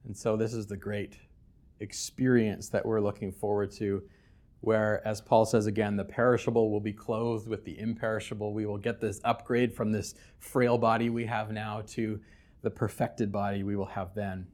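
A man preaching a sermon as pastor, swinging between loud, emphatic scripture reading and quiet, conversational asides with humor. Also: lowish voice, level tone, normal speed. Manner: conversational, with casual fillers and humor.

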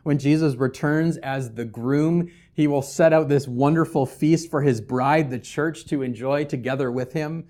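A man preaching a sermon as pastor, swinging between loud, emphatic scripture reading and quiet, conversational asides with humor. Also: a little high, a little slow, hardly any pauses. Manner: conversational, with casual fillers and humor.

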